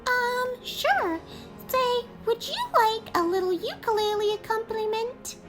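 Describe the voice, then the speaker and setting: A woman voicing a sweet, cheerful cartoon mouse girl, speaking in a squeaky, chirpy way. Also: lively intonation, measured pace, over loud music.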